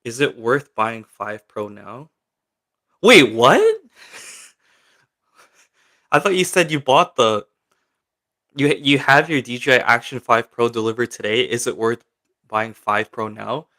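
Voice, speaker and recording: A man's voice: mid-range voice, expressive, takes it slowly, pauses often, pushed and bright. A young man hosting a casual livestream, chatting loosely with viewers and reading their questions aloud, with lots of filler words. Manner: chatty and rambling, many fillers, reads chat questions aloud. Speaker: livestream host. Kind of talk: casual livestream chat, answering viewer comments.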